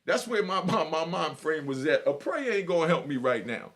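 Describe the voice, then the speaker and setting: On the high side and fairly bright, this man's voice moves at normal speed and is very animated. He's a middle-aged vlogger sharing a personal prison story earnestly and emotionally, in street talk, often asking "you know what I mean."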